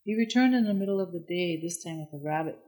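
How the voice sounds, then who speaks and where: Solemn storybook narrator, slow measured telling, mid pitch. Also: expressive, a little mellow, poor audio.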